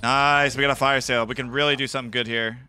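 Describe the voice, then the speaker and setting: A young man streaming a shooter game, commenting in excited bursts, shouting and repeating phrases, then walking through his loadout. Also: mid-range voice, fast talker, a little hiss or hum. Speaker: gaming streamer. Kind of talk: excited live gameplay commentary.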